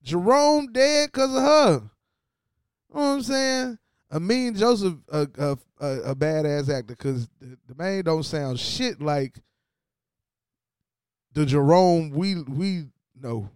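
High-voiced man giving a slow, slangy TV recap. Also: clean tone, dry recording, clean studio sound. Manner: loose, slangy and animated, talks to viewers directly. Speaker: show host. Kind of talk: casual TV recap commentary.

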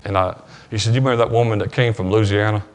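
A pastor with a Southern US accent preaches in a church sanctuary, telling a story haltingly with many restarts, repeated words and retold dialogue. His voice is fairly low with fairly even intonation.

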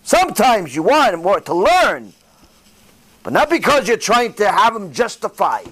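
A man's voice: sits high, a little slow. A man giving a sermon as a rabbi, preaching directly to his listeners and acting out little dialogues as he goes. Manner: animated storytelling, acting out dialogue in different voices.

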